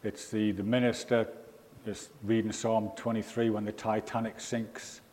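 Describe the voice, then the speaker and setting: An English preacher gives an informal, rambling sermon in a church, full of ums and asides, in a reverberant church hall. His voice is fairly low and darkish, with little pitch movement and a measured pace.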